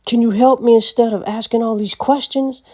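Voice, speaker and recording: A woman's voice: on the high side, fairly even intonation, moderate pace, mellow, pitched above the performer's own voice, lightly acted. Woman quoting a sulky, stubborn male friend. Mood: indignant.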